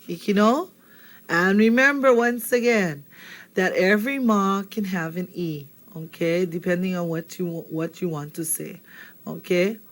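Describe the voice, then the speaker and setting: A woman's voice: on the low side, a little slow. A woman teaching a language lesson, patiently repeating phrases and checking in with "okay?".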